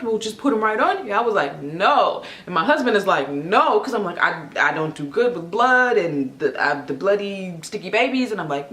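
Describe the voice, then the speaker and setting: Chatty young woman vlogger, echoey room. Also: mid-range voice. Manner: chatty, filler-heavy, animated retelling. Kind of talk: casual storytelling vlog.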